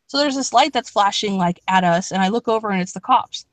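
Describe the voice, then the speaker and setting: A woman's voice: medium pitch, a little fast, no echo. A young woman telling a story in a casual chat, rambling with lots of "like" and swearing. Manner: rambling, many "like"s, swears, laughs a lot. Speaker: podcast co-host.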